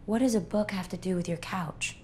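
A woman's voice: on the low side, brisk, darkish tone, slight background noise, close to an everyday voice. An actress playing an exasperated young girlfriend in a comedy sketch, speaking with dry sarcasm. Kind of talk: scripted comedy sketch acting.

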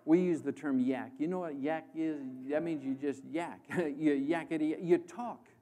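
Impassioned high-voiced preacher from the Midwest. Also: male voice, moderate pace. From American Midwest. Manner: impassioned, dramatic swings between loud proclamation and hushed emphasis. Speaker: guest preacher. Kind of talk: sermon. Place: church.

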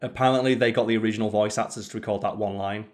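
A man's voice: fairly low pitch, fairly even intonation, very fast, a little mellow. A man co-hosting a let's play, chatting casually and opinionatedly while gaming, with the odd swear.

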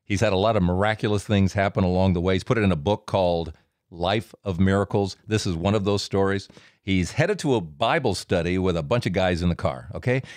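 A man hosting a storytelling podcast, animated and playful, teasing himself between stories. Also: low-pitched, fairly quick, dry recording, studio quality. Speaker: podcast host.

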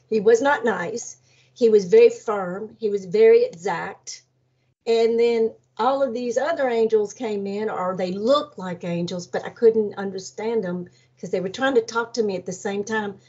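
A woman in her seventies, an energy healer, telling an animated story and acting out other people's voices, with frequent laughs. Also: mid-range voice, normal speed, husky. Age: 70s. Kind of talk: storytelling about a near-death experience. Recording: dull lo-fi audio.

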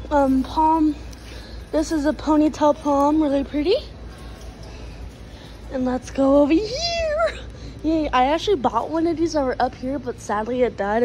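A woman's voice: high voice, dark tone, poor audio. A woman vlogging a walk through a garden store on a handheld phone, chatty and gushing, with many fillers and restarts. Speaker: plant vlogger. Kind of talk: casual vlog walkthrough. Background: faint store noise.

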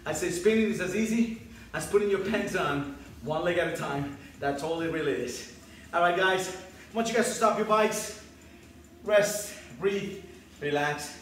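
A man with a high voice leads a spin class at a moderate pace, shouting counts and pep calls over loud workout music while slightly out of breath. The audio is poor, very echoey and recorded from a distance, with slight background noise.

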